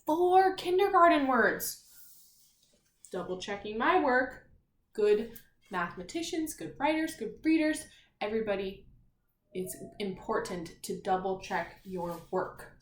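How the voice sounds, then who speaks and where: Unhurried and very animated, a woman with a fairly high voice teaches young children spelling remotely, sounding each word out letter by letter. She stays patient and encouraging, keeping it slow and clear, in a room with echo.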